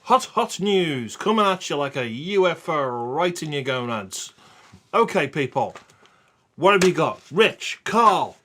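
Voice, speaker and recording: A man's voice: fairly high pitch, big pitch swings, measured pace, a bit bright. A man hosting a crude comedy podcast, teasing his co-hosts in a mock-dramatic, sweary way. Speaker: podcast host.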